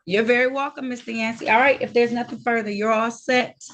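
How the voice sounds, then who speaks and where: A woman's voice: on the high side, steady tone, a little fast, fairly bright tone. A woman serving as judge in a court hearing held over a video call, talking in a firm, direct and sometimes scolding way.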